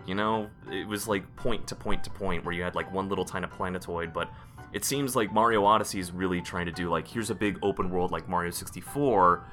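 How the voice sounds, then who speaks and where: A man co-hosting a podcast in casual chat, excitable and rambling, restarting his sentences often. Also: low-pitched. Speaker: podcast co-host.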